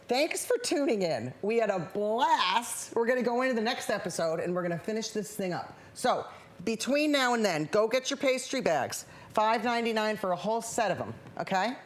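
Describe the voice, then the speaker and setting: A woman's voice: mid-range voice, very animated, moderate pace. Chatty fifty-year-old woman painting live. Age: 50s. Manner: rambling, upbeat, talks while painting. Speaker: host of a public access painting show. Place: public access TV studio.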